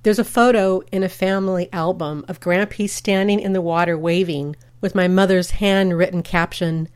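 A woman's voice: lowish voice, steady tone, moderate pace, hardly any pauses, clean tone. Chatty woman host reading community events. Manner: chatty, telling family anecdotes. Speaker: radio host. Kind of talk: scripted community radio segment.

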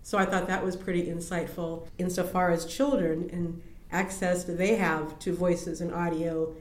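A woman's voice: lowish voice, level tone, normal speed. A woman interviewer telling chatty anecdotes in a library study room. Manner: chatty anecdotes, laughs easily. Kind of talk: casual chat. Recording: roomy echo.

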